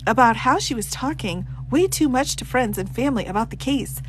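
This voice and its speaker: A woman's voice: fairly high pitch, lively intonation, a bit bright, a little hiss or hum, rough recording. A woman attorney hosting a live stream, reading a document aloud and reacting to chat with frequent laughter and exclamations. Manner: reads text aloud in a brisk, plain way.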